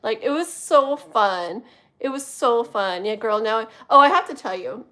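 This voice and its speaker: A woman in her thirties from the US West Coast, chatting casually on a live stream as a tarot reader, giggling often and easily sidetracked, sometimes dropping to a hushed voice. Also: a little high, expressive, normal speed. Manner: drops to a hushed voice at times. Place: home with thin walls.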